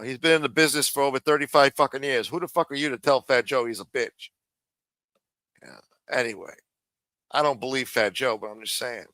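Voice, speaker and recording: A man hosts a live show and rants with profanity and sarcasm. His voice is bright and forceful. The sound is dry and close. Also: mid-range voice, no echo. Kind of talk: profane live-stream rant.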